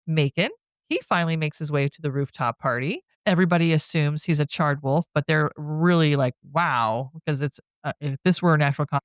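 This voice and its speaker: Woman podcast co-host, lowish voice, chatty and giggly, dry close mic. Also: dry recording. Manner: laughs often while retelling a plot, animated. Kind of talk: casual movie recap chat.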